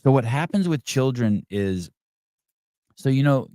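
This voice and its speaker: A man's voice: medium pitch, expressive, measured pace, warm tone, no room sound, studio quality. A man hosting a podcast in casual chat, rambling and profane, often restarting his sentences. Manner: many restarts and fillers. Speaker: podcast host.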